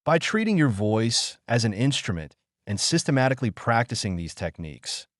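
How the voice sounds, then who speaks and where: A man reading a self-help audiobook in a measured, emphatic instructional manner. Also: mid-range voice, very animated, no echo, clean studio sound. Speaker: audiobook narrator. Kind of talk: scripted audiobook narration.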